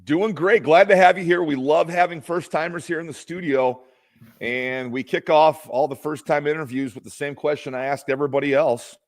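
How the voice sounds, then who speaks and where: A man's voice: on the high side, moderate pace. Upbeat male co-host interviewing. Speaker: podcast co-host. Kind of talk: casual interview chat. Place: studio.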